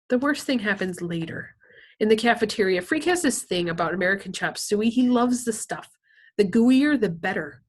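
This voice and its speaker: A woman's voice: medium pitch, normal speed. Woman reading a novel aloud. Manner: expressive, lively storytelling. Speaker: reader.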